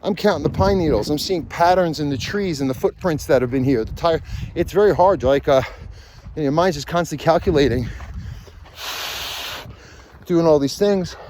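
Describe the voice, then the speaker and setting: Dog trainer vlogging outdoors; slightly high male voice, loose and rambling, thinks out loud, handheld camera. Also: normal speed, long pauses, a little hiss or hum. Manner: rambling, thinking aloud with many fillers and restarts. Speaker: dog trainer and podcast host. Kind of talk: casual rambling talk while walking outdoors. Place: forest trail outdoors. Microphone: handheld camera, selfie framing.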